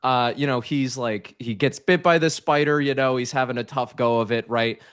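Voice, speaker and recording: A man's voice: mid-range voice, normal speed, a bit bright, smooth. A man hosting a podcast interview, asking questions in a casual, rambling way with lots of fillers. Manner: rambling, many fillers and restarts. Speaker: podcast host.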